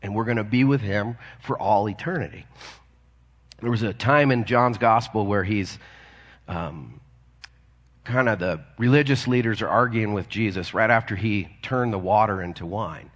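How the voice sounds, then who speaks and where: A man's voice: fairly low pitch, normal speed. A man preaching a sermon as a pastor, earnest and conversational, asking his listeners questions as he goes. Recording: long reverb of a large hall.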